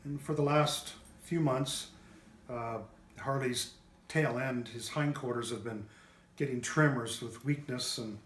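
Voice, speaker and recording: Man, mid pitch, echoey room, halting testimonial, lots of uh and restarts. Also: a little hiss or hum. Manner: halting, with many fillers and restarts. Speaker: pet owner giving a testimonial. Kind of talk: unscripted testimonial. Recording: roomy echo.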